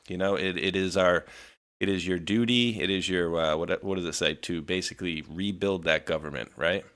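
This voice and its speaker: A man's voice: deep voice, moderate pace, a bit bright. A man co-hosting a live weekly talk show, rambling indignantly through casual political chat. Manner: rambling, with many restarts and asides.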